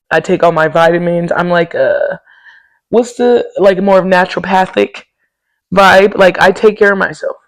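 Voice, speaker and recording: A woman with a lowish voice hosts a podcast, chatting casually and candidly straight to her listeners, often saying y'all and sounding tired. It's a personal chat, captured in a low-quality recording.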